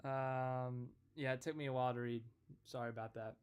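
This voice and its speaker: A young man talks loosely on a live stream, drifting from one thought to the next as he greets viewers by name. His voice sits at an ordinary middle pitch, and his tone stays relaxed and conversational. He talks straight into a desk mic. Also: normal speed, clean tone. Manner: rambling, chatty, reads out viewer comments. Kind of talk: casual live stream chat.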